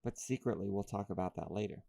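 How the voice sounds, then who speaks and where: A man co-hosting a podcast in casual chat, playful and quick to laugh. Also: on the low side, vocal fry, mellow. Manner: laughs easily, playful banter. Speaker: podcast co-host.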